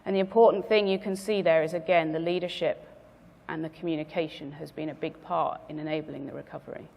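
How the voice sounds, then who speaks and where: A woman speaker giving a measured business presentation to a conference audience, stressing her key words. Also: low voice, fairly even intonation, gravelly, a little mellow, big-room sound. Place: conference venue.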